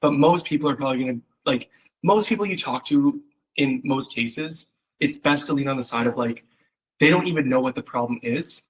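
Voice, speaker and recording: This copywriting coach has a mid-range voice with a breathy edge and talks a little fast. His one-on-one critique of the copy is informal and chatty, laden with fillers and acted-out quoted voices, captured on a rough recording.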